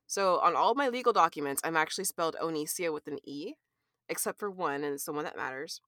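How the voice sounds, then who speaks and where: A woman guest on a podcast telling animated stories, swearing and filling with "like". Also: low voice, fast, no echo, studio quality. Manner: animated storyteller, swears, many "like"s. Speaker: guest artist. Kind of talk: casual podcast chat.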